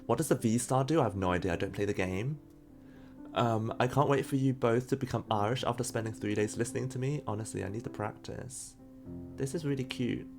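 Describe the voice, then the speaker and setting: Man, streamer, casual chat, mid pitch, excitable, faint background music. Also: fairly quick, vocal fry. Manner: chatty, reacts to pulls and reads chat; unsure of pronunciations, laughs often. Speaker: streamer opening trading cards.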